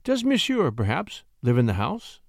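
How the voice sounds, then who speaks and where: A man's voice: mid-range voice, wildly swooping pitch, normal speed, gravelly, no echo, clean studio sound, full character voice. A man voicing a young, beautiful and coquettish French lady who talks with charming flutters. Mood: coaxing.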